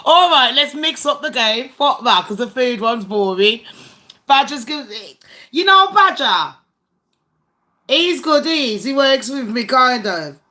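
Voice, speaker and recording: A woman's voice: a little high, very animated, slow pace, long pauses, pushed and bright. A woman hosting a casual livestream game with her viewers, blunt and foul-mouthed. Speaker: livestream host.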